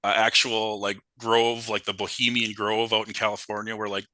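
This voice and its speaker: A young man co-hosting a podcast, casually recapping a horror movie with animated acted-out quotes. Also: lowish voice, moderate pace, no room sound, poor audio. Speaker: podcast co-host.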